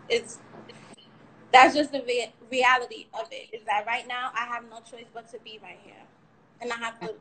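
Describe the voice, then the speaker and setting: A young woman who survived a shooting tells her frightening ordeal on a livestream, candid and rambling, with occasional cursing. Her voice sits on the high side and sounds a bit bright. The rough recording has a little hiss or hum.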